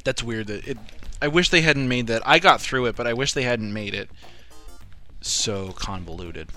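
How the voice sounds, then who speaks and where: Chill guy talking games, kinda bright voice, faint music behind. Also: medium pitch, moderate pace. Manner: laid-back, chuckling, trailing off. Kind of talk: casual chat about a video game.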